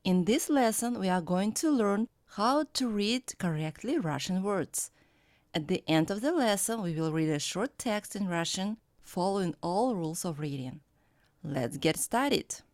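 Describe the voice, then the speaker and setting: A woman teaching a language lesson, reading her script and sounding out example words slowly and carefully. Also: mid-range voice, expressive, a little mellow, dry recording, clean studio sound. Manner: slow, careful, clearly pronounced examples.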